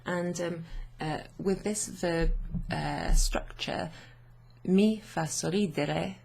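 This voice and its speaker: A woman language teacher explaining grammar to her students in an unhurried way, thinking aloud with many fillers. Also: on the low side, gravelly, darkish tone, breathy edge.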